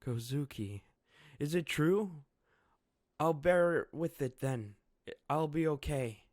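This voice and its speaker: A man voicing a small earnest orphan girl in a high, childlike voice, recorded close and dry. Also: animated, takes it slowly, darkish tone, no echo.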